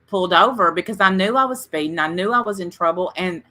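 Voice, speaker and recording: Bright-voiced chatty woman host. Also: fairly low pitch, fast talker. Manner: chatty, rambling storyteller; talks straight to her chat viewers. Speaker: livestream host. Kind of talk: casual livestream chat.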